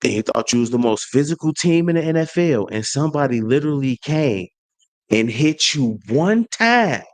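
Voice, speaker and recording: A man hosting his own sports channel, trash-talking a rival team in an animated rant full of slang and restarts. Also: fairly high pitch, normal speed. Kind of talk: fan rant to camera.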